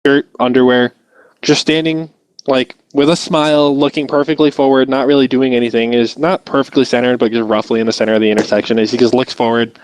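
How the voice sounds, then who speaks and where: A man running a tabletop game as game master, describing each scene like a film shot with loose, halting restarts. His voice sits at a middle pitch, recorded dry and close with no room sound. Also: level tone, smooth, no echo, rough recording.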